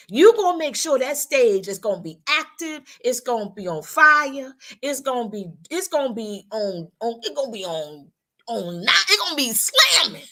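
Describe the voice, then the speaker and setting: A woman's voice: sits high, fairly bright tone. A woman co-hosting a women's talk show, giving a preacherly motivational talk with speech, repeating her lines and acting out how people talk.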